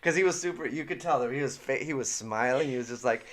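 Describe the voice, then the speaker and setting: A man's voice: mid-range voice, quick pace. A man co-hosting a podcast, telling self-mocking stories in casual, profane chat. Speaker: podcast co-host.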